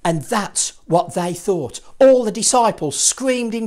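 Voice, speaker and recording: A man's voice: high-pitched, a little slow, hardly any pauses, darkish tone. A man and children's puppeteer telling a Bible story in a playful, dramatic way. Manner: playful, dramatic, with lots of vocal swings.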